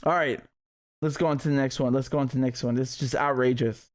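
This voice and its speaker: A man's voice: mid-range voice, steady tone, quick pace. A man hosting a live political stream, talking in a heated, sarcastic way with many restarts.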